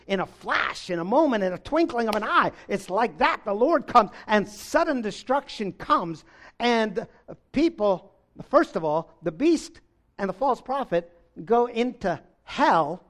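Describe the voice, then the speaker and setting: A man preaching a sermon, reading scripture aloud and swinging between loud exclamations and low, intense stretches. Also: expressive, a little slow.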